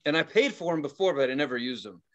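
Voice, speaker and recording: A man chats casually on a podcast, spinning stories with plenty of laughter and sudden shouted lines. His voice sits a little high and sounds bright. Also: fast talker, lo-fi sound. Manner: animated storyteller, laughs and yells quoted lines. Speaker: podcast co-host. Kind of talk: casual chat.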